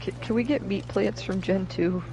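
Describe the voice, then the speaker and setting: A man's voice: sits high, moderate pace, warm tone. A man playing a game with a friend, chatting casually with a dry, teasing manner. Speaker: co-player. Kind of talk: casual gaming chat. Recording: noisy background.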